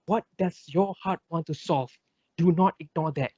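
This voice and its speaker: A young Malaysian man, a student debater, delivers an impassioned, rhetorical competitive debate speech that builds through lists and repetition. His voice sits on the high side with a dark tone and a moderate pace. The recording is dull, lo-fi and dry.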